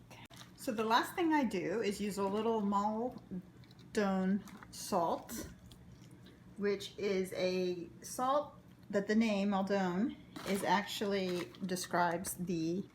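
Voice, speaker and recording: A woman's voice: mid-range voice, takes it slowly, roomy sound, slight background noise. A woman casually demonstrating a home cooking recipe in her kitchen, chatty and rambling, with joking asides. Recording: kitchen clatter of dishes and pans.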